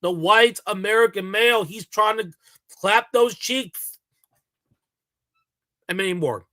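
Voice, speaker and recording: A man with a high, bright, sharp-edged voice rants in a reaction commentary. He repeats lines mockingly, and his delivery is heated and insistent. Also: slow pace. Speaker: commentary channel host.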